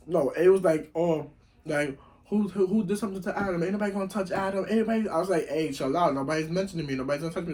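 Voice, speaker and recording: A man casually telling a lively story while eating, acting out the voices of the people in it. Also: a little high. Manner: animated, acts out voices in quotes. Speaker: vlogger.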